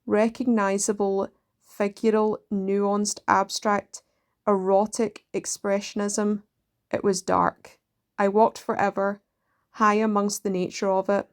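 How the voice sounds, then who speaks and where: Woman, poetry reader, unhurried, measured delivery, mid-pitched voice. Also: level tone. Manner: slow, measured reading with pauses between lines. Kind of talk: reading poems aloud.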